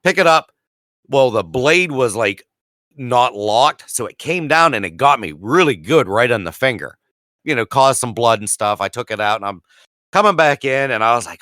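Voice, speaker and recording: Man in his 40s, podcast co-host; bright tone, dry close sound, profane self-mocking storyteller. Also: expressive, normal speed, dry recording. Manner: profane, self-mocking, acts out quotes with rising pitch. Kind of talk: casual storytelling.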